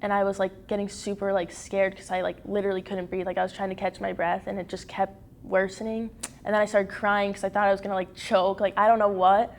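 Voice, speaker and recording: A teenage girl giving a candid personal account in an interview, halting and full of fillers and restarts. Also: medium pitch, little pitch movement, slight background noise. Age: teens. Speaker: interview guest.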